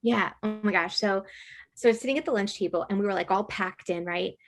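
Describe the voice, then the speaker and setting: Middle-aged woman guest, chatty and animated, lots of "like" and "right". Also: mid-range voice, a little fast, faint music behind. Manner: animated, lots of filler words. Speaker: podcast guest. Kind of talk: casual storytelling.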